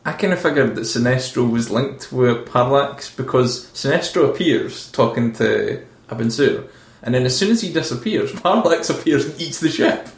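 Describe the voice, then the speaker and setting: A man's voice: mid-range voice, lively intonation, moderate pace, hardly any pauses. A man in his twenties co-hosting a casual film chat, easygoing and chuckling. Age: 20s. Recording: echoey room.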